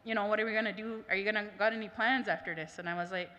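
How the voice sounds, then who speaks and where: A woman's voice: mid-range voice, fairly even intonation, very fast, bright, forceful tone, lo-fi sound. A woman language teacher at a summit, telling a chatty personal story full of quoted dialogue. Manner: chatty, lots of "I was like" quotes. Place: conference hall. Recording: reverberant hall.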